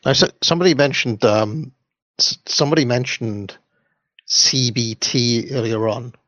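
A man's voice: mid-range voice, measured pace, a bit bright, dry recording. A man hosting a stream, rambling through commentary with frequent restarts and reading a children's book aloud. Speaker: livestream host.

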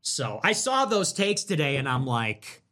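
A man's voice: on the high side, big pitch swings, a little slow, bright, forceful tone. A young adult man delivering a heated, profane, mocking solo monologue as a commentator.

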